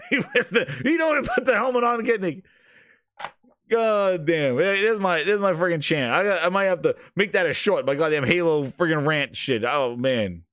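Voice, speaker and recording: A man hosting a casual livestream, ranting about games in a profane, excitable way with frequent laughter. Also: high-pitched, moderate pace, no room sound. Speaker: gaming news streamer.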